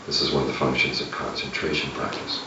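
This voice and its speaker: A man with an extremely low voice gives a dharma talk in an easygoing, conversational way, often chuckling at his own remarks. He is heard from a distance in a very echoey room. The recording is dull and lo-fi, with clear background hiss. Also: steady tone, fast. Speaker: meditation teacher.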